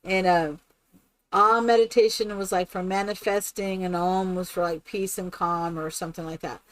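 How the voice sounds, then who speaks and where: A woman streaming a game who chats casually and tells stories in an animated way. She laughs often and keeps asking "right?". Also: fairly low pitch, moderate pace, clear, resonant tone, no echo. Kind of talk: casual chat while playing a game.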